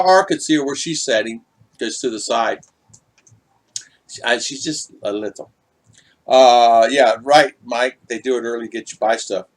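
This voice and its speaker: A middle-aged man with a slightly high, somewhat bright voice hosts a casual livestream. He reads the live chat, chatting and greeting viewers by name.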